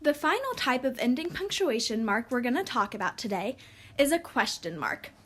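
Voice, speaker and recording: A woman teaching a recorded lesson, speaking slowly and clearly for young children. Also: sits high, very animated, a bit bright.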